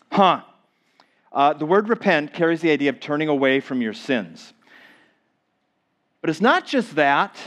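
A man preaching a sermon as a pastor, earnest and repetitive, swinging between emphatic rises and quiet drops. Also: fairly high pitch.

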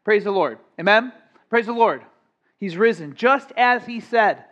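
High-pitched pastor guy preaching, energetic and jokey, kinda muffled lo-fi audio. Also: measured pace. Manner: energetic, playful, emphatic preaching. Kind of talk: sermon.

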